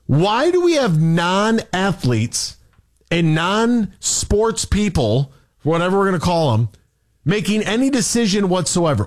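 Male talk radio host, exasperated rant, lively high voice. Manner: exasperated, rapid-fire rhetorical questions.

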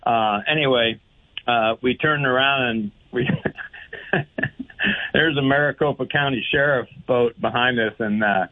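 A man's voice: medium pitch, normal speed. A man calling into a radio show and telling a story in a chatty, hesitant way, with many fillers. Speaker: radio caller. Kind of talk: casual anecdote over the phone. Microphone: telephone. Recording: tinny phone line.

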